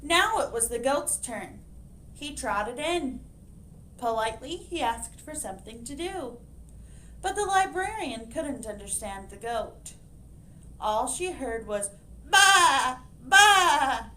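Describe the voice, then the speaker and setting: A woman librarian reading a picture book aloud to children, expressive and animated, pointing out the pictures. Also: a little high, slow pace, a little hiss or hum.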